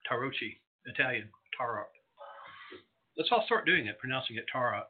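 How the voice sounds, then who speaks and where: A man's voice: mid-range voice, normal speed, breathy edge. A man hosting an internet radio show, chatting in a rambling, digressive way with lots of fillers. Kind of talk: casual solo radio talk. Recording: tinny phone-line audio.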